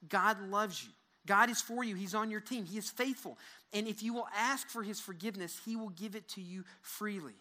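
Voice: mid-range voice, normal speed, pushed and bright. A pastor delivering a sermon at a church service, speaking earnestly and directly to the listeners, repeating words and leading them in prayer. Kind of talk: sermon to a live congregation.

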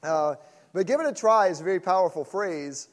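At a conference, a middle-aged pastor with a high, expressive voice teaches fairly quickly in a loose, conversational style. He pokes fun at audience members and performs the voices of the people he quotes.

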